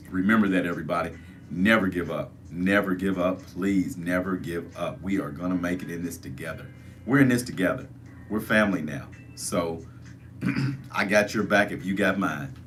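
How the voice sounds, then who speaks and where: A man's voice: low-pitched, moderate pace, a little hiss or hum. A man hosting a casual livestream, repeatedly urging viewers to join the chat and give thumbs up. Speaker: livestream host.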